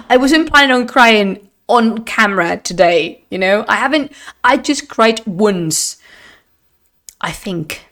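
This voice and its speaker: Streamer, woman, mid-pitched, expressive and chatty, laughs a lot. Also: normal speed, vocal fry. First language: Spanish. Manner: chatty and expressive, laughs often, slips into Spanish phrases. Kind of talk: casual live-stream chat. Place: at home, streaming on camera. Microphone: desk microphone.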